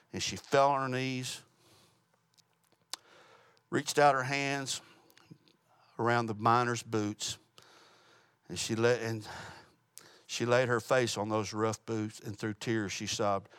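A man's voice: medium pitch, fairly even intonation, slow, long pauses, a bit bright, no echo, clean studio sound. A man teaching a Bible study, telling a story and closing in prayer, earnest and plain-spoken with small restarts. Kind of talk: sermon with storytelling.

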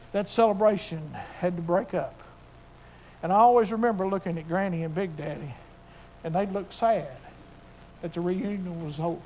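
A man's voice: high voice, darkish tone, a little hiss or hum. An older man preaching a sermon to his church, fervent and emotional in his delivery. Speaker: pastor.

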